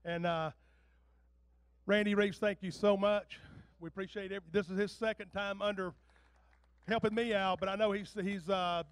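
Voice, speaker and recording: High, clear-voiced event emcee man. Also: steady tone, moderate pace, no echo. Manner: plain, conversational announcing. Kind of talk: announcing names at an awards ceremony.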